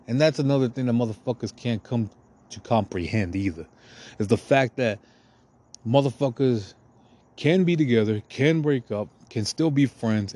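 A man's voice: medium pitch, dark tone. Profane rambling man confessing. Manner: profane, meandering, self-deprecating. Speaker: podcast host.

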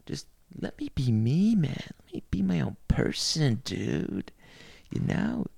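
A drawling, spaced-out sixties hippie guy who keeps calling everyone man and dude, as a man puts him on. The voice is higher than his own and swings up and down, with a heavy gravelly fry underneath. It sounds dry and close. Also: very animated, slow pace, dark tone, no echo, heavily acted. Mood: mellow, stoned. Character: stoned laid-back male hippie from the sixties.

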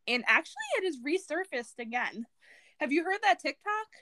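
A woman's voice: high-pitched, very animated, normal speed, pushed and bright, dry recording. A young woman with a Southern US accent, co-hosting a podcast in blunt, gossipy casual chat. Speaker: podcast co-host.

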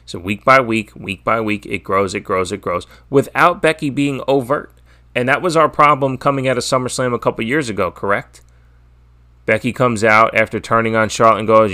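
An adult man and father hosts his own wrestling podcast, giving a casual solo preview. His mid-range voice is bright and forceful at a normal speed, and he speaks with strong opinions, swears often, and rambles, frequently restarting his sentences.

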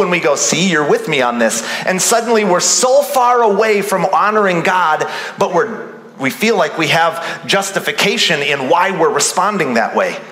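A man delivers a lively sermon, slipping into the voices of the people he quotes. His voice is bright and slightly raised, and the room answers with a big, roomy echo. It sounds like a church sanctuary recording. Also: a little high. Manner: animated preaching, acting out quoted voices. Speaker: pastor. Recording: roomy hall reverb.

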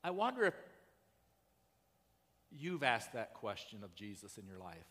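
A man's voice: on the low side, big pitch swings, unhurried, pauses often, sharp tone, long reverb tail. A man preaching a sermon in a conversational way that rises to urgent emphasis. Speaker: pastor.

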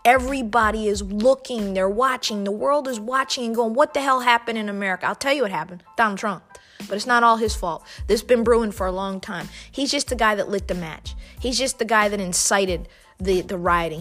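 Woman, political commentator, impassioned monologue, preacher-like repetition, mid pitch, faint background music. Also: a little fast, fairly bright tone. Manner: fervent, preacher-like cadence with repetition.

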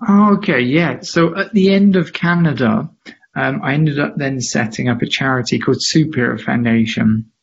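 A man, a podcast guest, telling a story with lively emphasis and acting out the voices of people he quotes. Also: mid-range voice, normal speed, vocal fry, slightly rough, highs cut off. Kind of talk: animated storytelling in a podcast interview.

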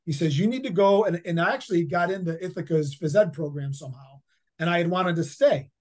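A man's voice: on the high side, brisk. A man in his fifties, a head football coach, telling stories in a casual interview, rambling with many fillers and repeated words. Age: 50s.

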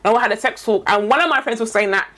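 A woman in casual chat, telling stories in an animated, mock-outraged way and laughing often. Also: fairly high pitch, rapid-fire.

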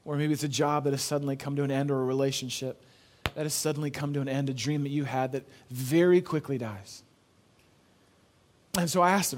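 A pastor preaching a sermon in an earnest, conversational way, telling a story and repeating phrases for emphasis. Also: male voice, fairly high pitch, quick pace. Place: church.

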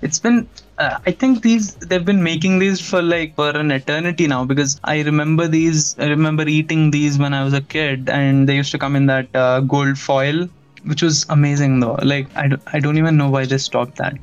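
Smooth-voiced podcast host, chatty and laughing a lot, gets excited. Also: medium pitch, moderate pace, dull audio, soft background music. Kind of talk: casual chat.

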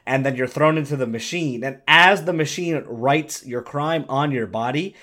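A man's voice: medium pitch, moderate pace, sharp tone. A young man in casual chat, rambling with lots of fillers and swearing.

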